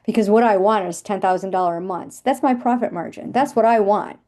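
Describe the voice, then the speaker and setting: Emphatic motivational woman coach, mellow voice. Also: medium pitch, brisk. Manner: emphatic, repetitive motivational delivery. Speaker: business coach. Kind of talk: motivational webinar talk.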